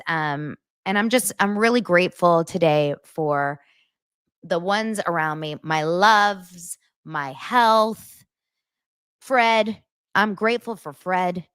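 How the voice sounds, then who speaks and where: A woman's voice: on the low side, slow pace, a bit bright, clean tone, no room sound, studio quality. A woman hosting a casual gossip podcast, reading viewer comments and laughing and gushing over them.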